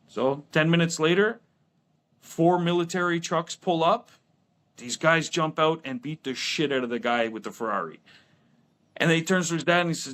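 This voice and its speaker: A man co-hosting a business talk show speaks in a relaxed, loose way. He tells stories with lots of restarts and small laughs, and his voice sits a little on the higher side. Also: moderate pace. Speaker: podcast co-host. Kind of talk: casual chat.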